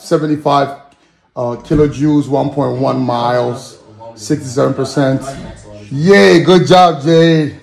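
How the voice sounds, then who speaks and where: A man's voice: mid-range voice, gravelly, a little mellow. A man in his thirties, a father cheering his family on in a playful home vlog. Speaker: father and vlogger. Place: home gym.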